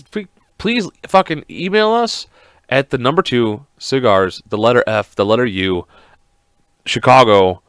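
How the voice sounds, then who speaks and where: A man hosting a podcast alone, ranting in a casual, profane, rambling and excitable way. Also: medium pitch, dry recording, clean studio sound. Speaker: podcast host.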